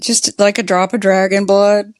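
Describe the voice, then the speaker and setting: A woman's voice: mid-range voice, level tone, dry recording. A woman with a Southern US accent, co-hosting a casual podcast recap of a TV show and talking with many "like" fillers. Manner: slow, chatty, lots of "like" fillers. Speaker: podcast co-host.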